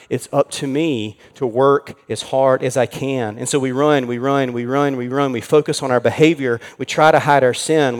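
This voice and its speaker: A man preaching an earnest sermon in a church, slowing down to stress key words. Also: a little high, long reverb tail. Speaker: pastor.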